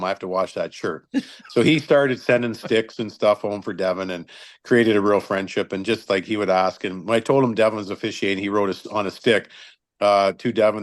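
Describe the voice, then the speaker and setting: Animated storytelling man in his fifties. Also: fairly low pitch. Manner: animated storyteller, acts out quotes. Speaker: retired hockey linesman guest. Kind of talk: casual storytelling.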